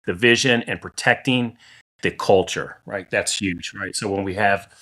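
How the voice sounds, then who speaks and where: A man with a fairly low voice talks about running his lawn care company on a podcast. He is plain-spoken and steady, circling back on his words as he goes. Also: measured pace, breathy edge. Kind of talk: casual podcast conversation.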